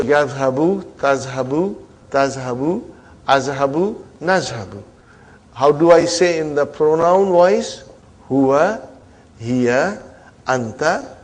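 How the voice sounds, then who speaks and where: Coaxing man teaching grammar. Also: fairly high pitch. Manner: coaxing, repeats "huh?" and "are you with me" to check students; drills terms slowly, switches between English and Arabic. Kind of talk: classroom grammar lesson.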